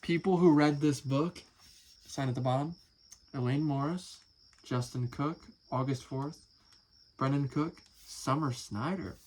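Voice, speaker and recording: Guy reading something out loud and riffing on it, amused, chatty, swears a bit. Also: mid-range voice, measured pace, rough recording. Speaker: musician and video creator. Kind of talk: casual reading aloud with commentary.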